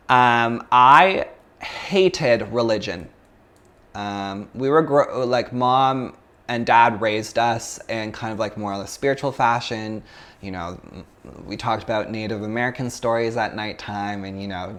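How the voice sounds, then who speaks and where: A man's voice: mid-range voice, fairly bright tone. A man teaching a yoga class, talking in a loose, chatty way and telling stories with plenty of fillers. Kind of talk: casual talk to a yoga class.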